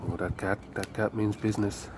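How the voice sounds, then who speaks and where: Walking his dog along a city street, a man chats casually to viewers with wry asides and some swearing, while traffic noise carries behind him. His voice is on the low side, fairly even in intonation, and brisk.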